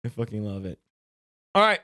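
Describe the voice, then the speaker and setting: A man streaming live, reacting to a video in a casual, excitable way, swearing often and restarting his sentences. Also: on the low side, a little fast, dry recording, clean studio sound.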